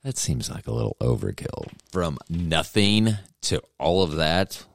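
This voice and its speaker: A man's voice: a bass voice, very animated, unhurried, gravelly. A man hosting a solo podcast, rambling through jokes and self-deprecating asides. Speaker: podcast host.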